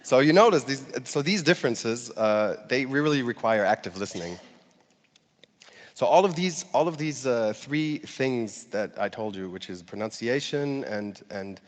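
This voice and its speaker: A man's voice: mid-range voice, expressive, a little slow, big-room sound. A man giving a conversational talk to an audience, with fillers and light laughter. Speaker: speaker giving a talk on language learning.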